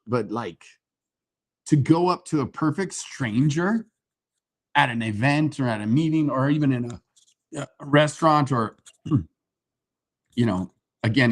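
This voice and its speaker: A man co-hosting a casual chat as a matchmaker, talking in a playful, teasing and animated way. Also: medium pitch. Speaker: matchmaker and co-host.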